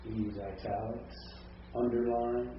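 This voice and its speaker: A man's voice: medium pitch, steady tone, a little slow, recorded from a distance, slight background noise. A man teaching a seminary class, talking conversationally and often checking in with "right?" and "see?". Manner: conversational, with frequent tag questions. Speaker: seminary professor. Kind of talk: classroom lecture with discussion. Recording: echoey lo-fi classroom recording from afar.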